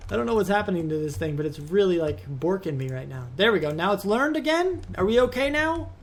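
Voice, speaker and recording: A man's voice: sits high, sing-song, fast talker, a little hiss or hum. A man hosting a modded game let's play, talking casually through his gameplay with rambling asides and easy exasperation.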